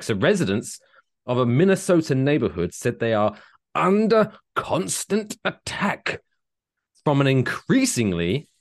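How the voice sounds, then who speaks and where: Animated man, crude podcast banter. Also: medium pitch, no room sound, clean studio sound. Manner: profane, joking, slips into silly put-on voices. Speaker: podcast co-host.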